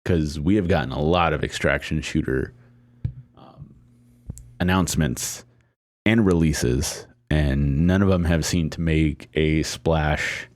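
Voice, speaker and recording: A man co-hosting a casual podcast discussion, talking in a hesitant, measured way with frequent fillers and restarts. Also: extremely low pitch. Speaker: podcast co-host.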